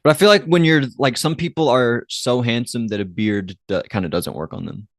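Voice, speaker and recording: A man's voice: medium pitch, brisk, no echo, studio quality. A man co-hosting a podcast in casual chat, rambling with frequent restarts and fillers. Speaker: podcast co-host.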